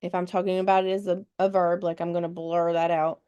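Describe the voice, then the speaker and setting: A woman's voice: fairly low pitch, level tone, a little fast, dark tone, clean tone. A woman leading a test-prep webinar, patiently explaining rules step by step and spelling words out letter by letter. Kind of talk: live webinar teaching.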